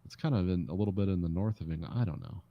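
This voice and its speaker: A man co-hosting a podcast in casual chat, relaxed and wryly amused. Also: low-pitched, very fast, vocal fry, lo-fi sound. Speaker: podcast co-host.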